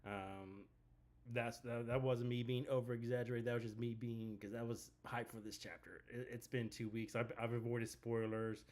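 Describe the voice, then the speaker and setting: A man's voice: medium pitch, flat delivery, moderate pace, darkish tone. A man hosting a live reaction video, talking casually and rambling with lots of fillers. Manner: easygoing, rambling with many fillers.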